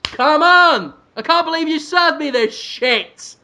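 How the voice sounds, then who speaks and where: A man doing a comic impression of a furious, foul-mouthed celebrity TV chef, ranting and yelling insults. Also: very high voice, expressive, slow, a little hiss or hum, pitched above the performer's own voice, full character voice.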